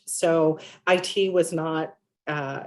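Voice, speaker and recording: A woman's voice: deep voice, fairly even intonation, takes it slowly, a little mellow. A woman on a panel, telling a personal story in an earnest, emotional way. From Latina and Filipino heritage. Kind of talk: panel discussion.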